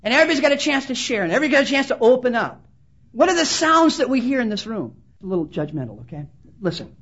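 Woman preacher, high husky voice, impassioned sermon, muffled lo-fi recording. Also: big pitch swings, fast talker. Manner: impassioned, acts out quoted voices, repeats "listen". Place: conference hall.

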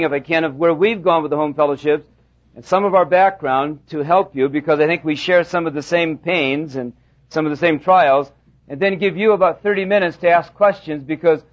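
A pastor preaching a sermon, telling a folksy story with halting restarts. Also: male voice, a little high. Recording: dull lo-fi sound.

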